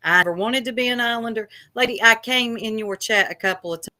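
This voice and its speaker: A woman's voice: a little high, fast talker, bright, forceful tone. A woman co-hosting a livestream, chatty and teasing as she reads the chat aloud. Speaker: livestream co-host.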